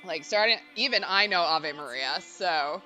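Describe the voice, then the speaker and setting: A young female streamer with a voice on the low side and a sharp tone talks a little slowly but animatedly. Playing a game to background music, she chats casually and nervously in a filler-heavy babble.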